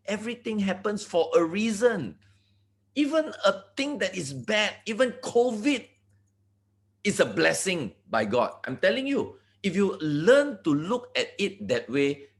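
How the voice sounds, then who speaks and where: A man from Malaysia gives a motivational talk with a lively, swinging pitch that jumps high and drops low. He speaks straight to his listeners and asks them to agree. He often repeats words and restarts his sentences. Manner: addresses audience directly, asks for agreement. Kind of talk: motivational talk to an online group.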